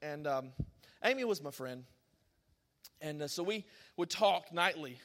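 A man preaching a sermon, telling a personal story with animated bursts of excitement and laughter. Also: a little high, a little slow. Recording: long hall reverb.

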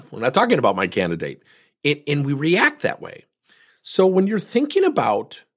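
A man's voice: mid-range voice, a bit bright, husky. A man hosting a coaching podcast, talking animatedly with rhetorical questions and acted-out quotes. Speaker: leadership coach and podcast host. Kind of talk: solo coaching talk.

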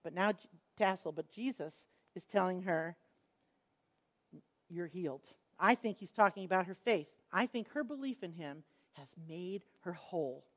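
A woman's voice: lowish voice, normal speed. A middle-aged woman teaching a Bible lesson, telling the stories expressively and acting out the quotes. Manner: expressive storytelling, acts out quotes.

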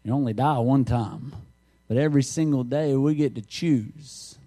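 Mellow-voiced preacher man. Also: medium pitch, moderate pace. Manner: folksy storytelling with jokes. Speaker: pastor. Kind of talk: conversational sermon.

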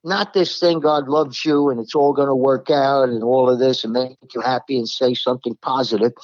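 A man's voice: medium pitch, darkish tone, dry recording, lo-fi sound. A man from New York preaching a blunt, emphatic Bible-teaching sermon in a plain-spoken way.

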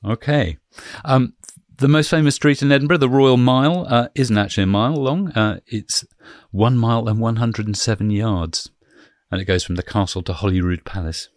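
A man's voice: medium pitch, normal speed, dry recording, clean studio sound. A man hosting a podcast, chatty and leading the talk with questions. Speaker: podcast host. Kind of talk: casual podcast chat.

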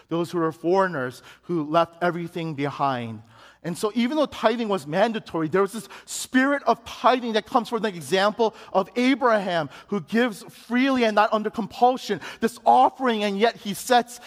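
A man's voice: sits high, in a large hall. A man preaching a sermon as pastor, telling a personal story and building to emphatic rising questions. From Chicago, United States.

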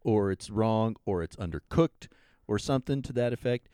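A man's voice: on the low side, expressive, moderate pace, dark tone, smooth, no echo, studio quality. A man co-hosting a casual talk show, giving wry advice and acting out polite requests. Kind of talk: casual chat.

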